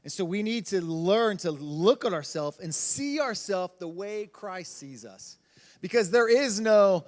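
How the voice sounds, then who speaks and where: A man's voice: sits high, lively intonation, unhurried. A youth pastor in his thirties, giving a casual, conversational sermon and acting out quotes in voices. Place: church hall. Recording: long hall reverb.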